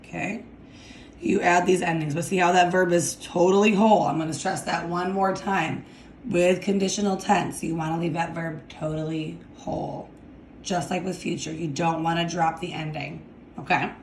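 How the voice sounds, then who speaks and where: Female teacher, low-pitched, unhurried, checks in with "okay?", echoey room. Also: steady tone, slight background noise. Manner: slow, deliberate, repeats "okay?" to check understanding. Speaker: Spanish teacher. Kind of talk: classroom grammar lesson.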